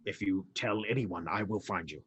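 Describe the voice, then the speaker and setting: A man's voice: sits low, fairly bright tone, husky, dry recording. A man voicing a grave orc paladin. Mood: commanding. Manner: slow, grave, commanding threats.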